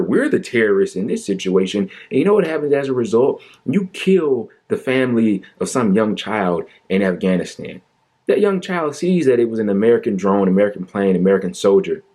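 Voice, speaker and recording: Male commentator, low voice, sarcastic and animated, debunking a politician's claims. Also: husky. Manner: mocking, exaggerated fake sorrow and sighs; animated, argumentative, incredulous.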